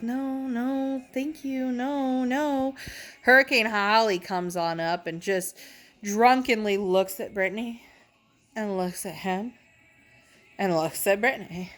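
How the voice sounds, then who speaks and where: A woman's voice: medium pitch, fairly bright tone. A young woman telling funny stories in a brash, profane, self-mocking way, laughing as she talks. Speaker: comedic storyteller. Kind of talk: casual storytelling.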